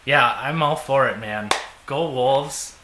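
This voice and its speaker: A man's voice: medium pitch, slow pace. Easygoing Minnesotan man in an echoey room. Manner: easygoing, joking, chuckles often. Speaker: podcast co-host. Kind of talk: casual sports chat. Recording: echoey room, faint noise.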